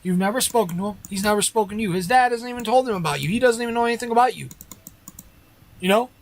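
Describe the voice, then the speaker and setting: A man's voice: high voice, fast, poor audio. A man ranting on a casual livestream, arguing with rhetorical questions and repeating his points.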